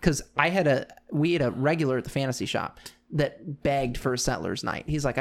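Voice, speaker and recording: A man's voice: mid-range voice, animated, brisk, vocal fry. A middle-aged man co-hosting a podcast, telling stories in a casual, amused way and often repeating himself. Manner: storytelling, amused, repeats "I'm like". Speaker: podcast co-host. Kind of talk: casual chat.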